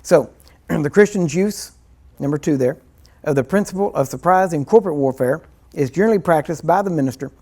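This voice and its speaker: A man's voice: fairly high pitch, a little mellow. A man teaching a ministry class in a loose, rambling, conversational way, acting out little scenes and chuckling as he goes. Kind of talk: informal teaching sermon.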